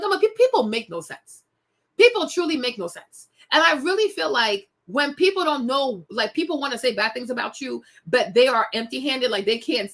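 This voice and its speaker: A young adult woman from West Africa, talking straight to her viewers in an animated, emphatic monologue, laughing often and calling them y'all and girl. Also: high voice. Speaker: vlog host.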